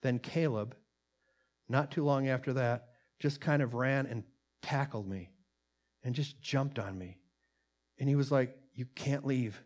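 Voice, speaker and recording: A man preaches in an earnest, plain-spoken way, his voice sitting at a middle pitch. He reads quoted lines aloud with more force and fills his own commentary with ums and restarts. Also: unhurried, long pauses, darkish tone. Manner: earnest, rising in volume on quotes, many fillers. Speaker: pastor. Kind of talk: sermon with read-aloud transcript.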